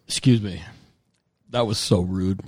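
Male podcast host, lowish voice, dead-dry close mic, rambling and loose. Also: steady tone, slow pace, darkish tone, husky, no echo. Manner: loose, rambling, swears casually. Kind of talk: casual chat. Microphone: close mic, eating near it.

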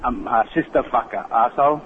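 A restaurant manager answering a prank call, angry and swearing. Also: male voice, medium pitch, fairly quick. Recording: tinny phone line.

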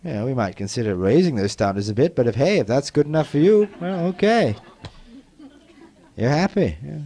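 A man delivers a self-help teaching talk in a mid-range, very animated voice. He speaks slowly and repetitively, gently insistent, often sinking into a soft, quiet delivery.

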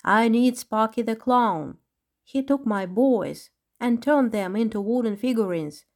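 Woman reading as a distressed lion parent, sobbing quietly, storybook voice. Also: fairly high pitch, unhurried. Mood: worried.

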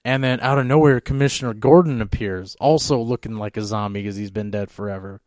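A man's voice: fairly low pitch, brisk, a little mellow, dry recording, clean studio sound. A man co-hosting a podcast, telling a long story in a rambling, casual way. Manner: rambling, full of fillers and restarts. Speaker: podcast co-host.

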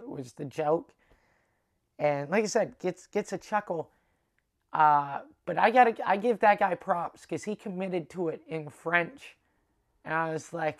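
A man's voice: a little high, unhurried. A male comedian talks through his tour in a loose, rambling monologue. He swears constantly and trips over his own sentences, doubling words and restarting. It sounds offhand and unscripted. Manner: profane, rambling, many restarts. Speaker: stand-up comedian.

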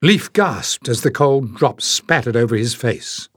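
A man narrating a fantasy audiobook in a steady, expressive storytelling manner. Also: medium pitch, unhurried, hardly any pauses, breathy edge, dry recording, studio quality. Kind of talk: scripted narration.

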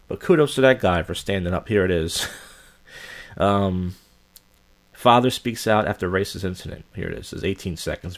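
A man hosting a reaction video, giving crude, mocking commentary over clips and often breaking into laughter. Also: on the low side.

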